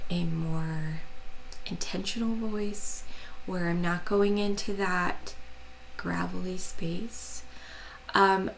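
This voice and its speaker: A soft-spoken American woman talks slowly and unhurriedly, her voice carrying a noticeable gravelly fry. She rambles a little, trailing off with ums, over a faint hiss of background noise. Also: lowish voice, steady tone, poor audio. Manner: rambling, hesitant, frequent ums. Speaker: crafting channel host. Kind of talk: casual chat to camera.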